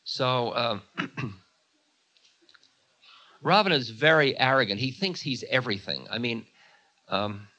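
A man's voice: medium pitch, a little slow, pauses often, pushed and bright. A man from the United States telling an old story in a chatty way, full of asides. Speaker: spiritual teacher. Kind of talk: storytelling talk.

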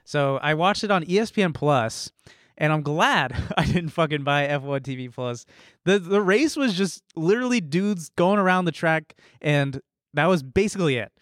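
A man co-hosting a casual podcast, talking fast and animated, with lots of swearing. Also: a little high, dry recording, clean studio sound. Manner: rapid, animated, swears a lot. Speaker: podcast co-host.

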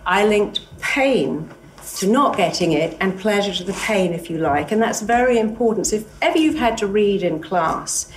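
A woman's voice: medium pitch, expressive, moderate pace. A woman therapist giving an earnest, emphatic motivational talk, repeating key phrases and acting out inner voices. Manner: acts out inner voices and dialogue. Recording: distant mic with faint background noise.

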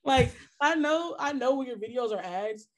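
A woman's voice: high-pitched, lively intonation, normal speed. A woman guest on a casual podcast, talking bluntly with lots of swearing and frequent laughter. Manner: blunt, profane trash talk with frequent laughter.

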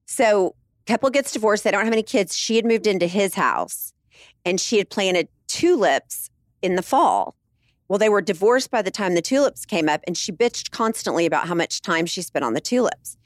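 A woman attorney telling a story in casual chat, in a wry, deadpan manner. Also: medium pitch, moderate pace, no room sound, studio quality.

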